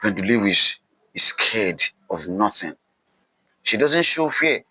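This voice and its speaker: A man teaching literature, retelling a novel's plot in an animated way and repeating phrases for emphasis. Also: lowish voice, slow pace, slightly rough, no echo, rough recording. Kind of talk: novel summary lecture.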